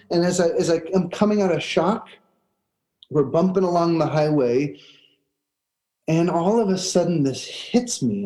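A man's voice: high-pitched, dark tone, rough recording. A man, a pastor, giving a sermon and telling a personal story in an earnest way, often restarting his words.

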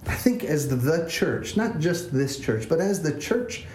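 A man's voice: a little high, big pitch swings, measured pace, a little mellow, a little hiss or hum. A man, a pastor, telling a self-deprecating story as a sermon in a church. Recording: echoey church room.

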